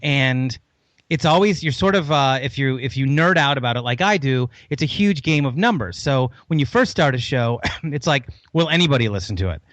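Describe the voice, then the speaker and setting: A man's voice: medium pitch, expressive, normal speed, a bit bright, no room sound. A man guesting on a podcast interview, enthusiastic and long-winded, rambling through his story. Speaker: podcast guest, host of another show.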